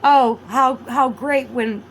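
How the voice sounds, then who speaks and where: A woman vlogging a rambling monologue, animated, swinging between loud outbursts and low mutters. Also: slow, slight background noise, low-quality recording.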